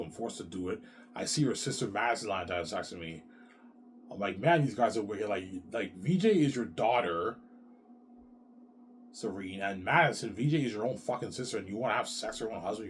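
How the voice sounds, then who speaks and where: A man's voice: lowish voice, slight background noise. A young man hosting his own show, rambling in a profane monologue, repeating "man" and putting on brief voices for other people. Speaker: show host.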